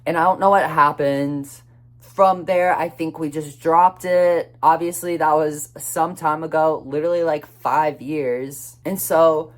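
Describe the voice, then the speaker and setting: A young man chatting through a personal story in a casual vlog, rambling and swearing freely, quick to flare up. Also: on the high side. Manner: chatty and expressive, swears freely, flares up when retelling anger; rambling, restarts and many fillers.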